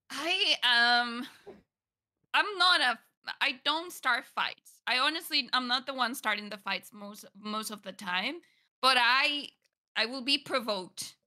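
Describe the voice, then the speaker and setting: A woman co-hosting a casual podcast, telling stories expressively with loud outbursts. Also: sits high, unhurried. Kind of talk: casual chat.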